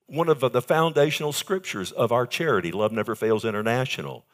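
An older male pastor preaching a sermon, moving between soft, intimate asides and raised, emphatic lines. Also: medium pitch, fairly quick.

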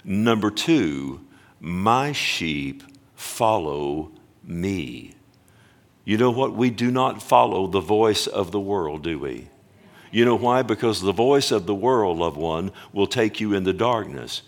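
Pastor preaching, slow on scripture. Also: male voice, on the low side, lively intonation. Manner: calls for amens, slows to stress scripture. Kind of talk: sermon. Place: church.

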